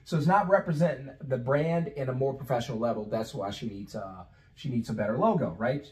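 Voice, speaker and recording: A man's voice: mid-range voice, a little fast, rough recording. A man teaching as a business coach in a conversational way, throwing rhetorical questions at the listener and acting out sales calls. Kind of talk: instructional talk.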